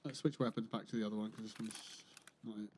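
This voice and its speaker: A man's voice: lowish voice, steady tone, fast talker, darkish tone, a little hiss or hum. Chatty man streaming a game. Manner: chatty, muttering to himself, dry swearing. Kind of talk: casual gameplay livestream commentary.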